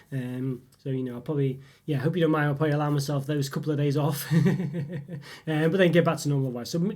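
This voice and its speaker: Chatty man, quick and rambling. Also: on the high side, mellow. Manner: rambling, many fillers and restarts. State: lingering cough, voice still rough. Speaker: channel host. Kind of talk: casual update chat.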